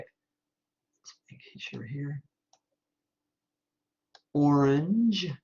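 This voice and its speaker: A male instructor talking students through a software task on screen, checking each step aloud and often asking "okay?". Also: a little high, lo-fi sound. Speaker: college instructor. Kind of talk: screen-recorded software tutorial. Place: at a computer, voice-over on screen capture.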